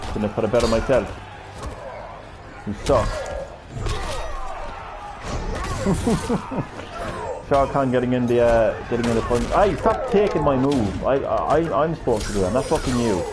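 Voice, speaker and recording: A young man giving excitable, profane, sarcastic commentary while streaming a fighting game. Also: medium pitch, fairly quick. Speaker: gaming streamer. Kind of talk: live gameplay commentary. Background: game music.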